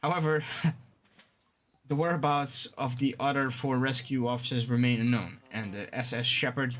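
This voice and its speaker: Rescue-ship captain giving orders to a new recruit, as a man reads it aloud, bright tense voice, steady briefing tone, game dialogue. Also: medium pitch, moderate pace, lightly acted.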